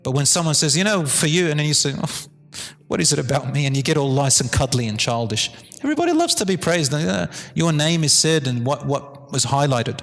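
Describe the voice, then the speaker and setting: A man giving a lively talk on parenting to a live audience, sometimes dropping to a low, calm tone. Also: fairly quick, hardly any pauses, soft background music. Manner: animated, drops to a low calm tone to demonstrate. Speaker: Islamic teacher giving a talk. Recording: hall reverb.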